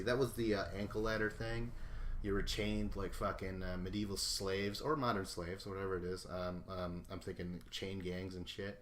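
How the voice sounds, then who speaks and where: Man, solo podcast host, rambling, foul-mouthed, laughs a lot, lowish voice. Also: fairly even intonation, moderate pace, a little hiss or hum. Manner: rambling, profane, laughs often, acts out imagined dialogue. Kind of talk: casual solo recap podcast.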